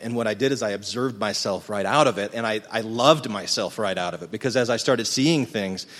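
A middle-aged man telling a reflective personal story to a live audience, earnest and halting, thinking aloud as he speaks. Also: on the low side, a bit bright. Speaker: speaker recounting his folklore research. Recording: long hall reverb.

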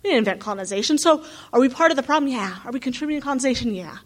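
A woman's voice: high voice, rapid-fire. Earnest woman thinking aloud. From United States. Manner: earnest, animated, thinking aloud with many asides. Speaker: graduate student. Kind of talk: reflective talk.

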